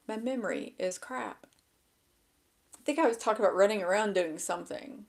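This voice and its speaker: Woman, gravelly crackly voice, rambling casual vlog, self-deprecating, talking to a handheld mic at a table. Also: fairly low pitch, lively intonation, fairly quick. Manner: rambling and self-deprecating, loses her train of thought. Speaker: vlogger. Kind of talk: casual chat to camera. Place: indoors at a table with a laptop. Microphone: small handheld microphone.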